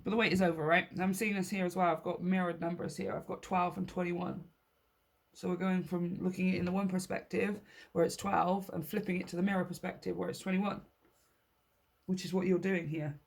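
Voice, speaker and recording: A woman's voice: fairly low pitch, level tone, a little fast, vocal fry. A woman giving a casual tarot reading to her viewers, upbeat and encouraging, often laughing and repeating key phrases for emphasis. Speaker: tarot reader.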